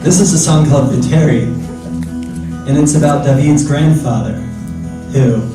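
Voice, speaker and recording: A man on stage telling a wry, slow anecdote between songs while the audience laughs. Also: a little high, far from the mic, over music. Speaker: singer-songwriter. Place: live concert venue. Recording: very echoey venue recording from afar.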